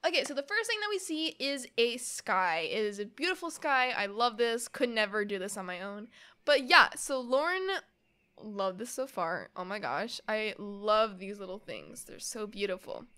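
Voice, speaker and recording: A woman's voice: medium pitch, lively intonation, moderate pace, bright, forceful tone, clear, resonant tone. A woman YouTuber reading a webcomic aloud and reacting to it, bubbly and gushing, with frequent giggles.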